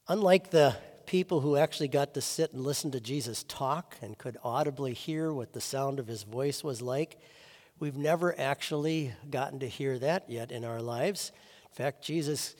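A man preaching a sermon as pastor, earnest, swinging between loud stressed words and soft low phrases. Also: normal speed, long reverb tail.

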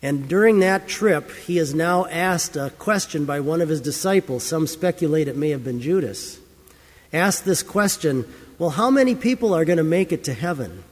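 Casting: male preacher, slightly high voice, earnest and emphatic, big reverberant church. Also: expressive, normal speed. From United States. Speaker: pastor. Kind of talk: sermon with scripture reading.

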